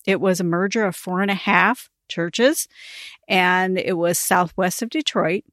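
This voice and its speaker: Animated woman telling a story, dry sound. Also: on the low side, a little slow, no room sound. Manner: animated, laughs while telling stories. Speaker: podcast host, ministry coach. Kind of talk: casual storytelling monologue.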